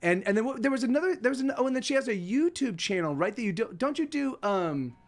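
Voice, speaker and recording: A man's voice: extremely high pitch, lively intonation, fast talker. A man chatting casually with his stream viewers, rambling and cutting himself off mid-sentence, laughing now and then. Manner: rambling, self-interrupting, laughs often. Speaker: livestreaming musician.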